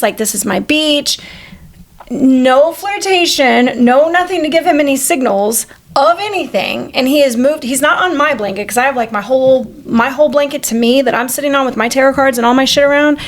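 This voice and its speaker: A woman in her forties co-hosting a podcast, telling a story in a casual, animated and profane way. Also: sits high, a little fast. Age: 40s. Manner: animated, profane, acts out quoted voices. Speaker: podcast co-host.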